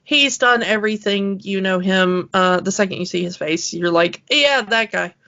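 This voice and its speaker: A woman co-hosting a podcast in casual chat, rambling with many fillers and quick laughs. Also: medium pitch, fairly even intonation, a bit bright, highs cut off. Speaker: podcast co-host.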